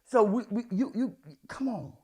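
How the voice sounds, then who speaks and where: A man preaching a sermon in a folksy, conversational way, swinging between hushed asides and loud outbursts. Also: high-pitched, normal speed, breathy edge. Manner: folksy, addresses congregation as y'all, child, honey. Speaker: apostle preaching.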